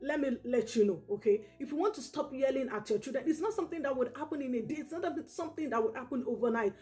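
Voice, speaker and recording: Woman, parenting educator, earnest, repetitive, fairly high mellow voice, faint background music. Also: lively intonation, fast talker. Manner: earnest, repetitive, peppers talk with "okay?". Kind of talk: direct-to-camera parenting advice.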